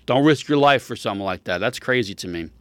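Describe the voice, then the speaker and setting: A man's voice: on the low side, expressive, quick pace, no room sound. A man hosting a podcast, delivering a heated, profane political rant. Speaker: podcast host.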